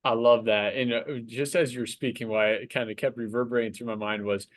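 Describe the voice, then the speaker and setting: A man's voice: mid-range voice, steady tone, a little fast. A man hosting a podcast interview, reflective and encouraging, with hesitant fillers. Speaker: podcast host. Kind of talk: casual interview chat.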